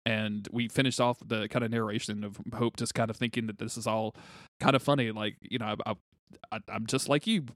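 A man co-hosting a casual comic book podcast, animated and profane, quick to laugh as he recaps the story. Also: on the low side, dry recording, studio quality. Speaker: podcast co-host.

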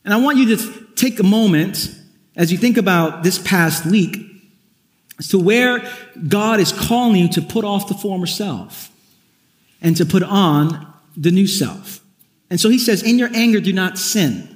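A man's voice: sits high, measured pace. A man preaching a sermon as pastor, talking conversationally with wry asides and frequent restarts. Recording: echoey hall, long reverb.

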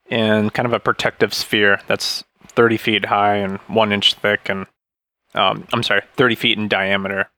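A man with a fairly low but bright, forceful voice plays a tabletop game. He hesitates and thinks aloud while planning his moves. The recording is dry and close. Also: dry recording. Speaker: player. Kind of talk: casual tabletop play.

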